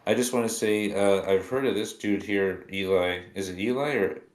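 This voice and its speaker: A man's voice: on the low side, normal speed. A man hosting a casual podcast chat, joking and laid-back. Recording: roomy sound.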